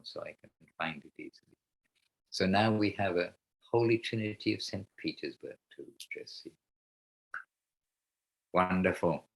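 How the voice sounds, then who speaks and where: Man, very low voice, spiritual teacher hosting a class on a video call, meandering and halting. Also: rough recording. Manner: rambling, halting, with frequent restarts. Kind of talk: online class talk.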